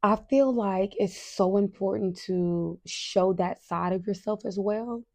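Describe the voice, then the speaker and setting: A woman in her thirties hosting a podcast, talking candidly and emotionally in a casual way, with soft asides and frequent fillers. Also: mid-range voice, slow pace. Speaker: podcast host. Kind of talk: casual personal talk.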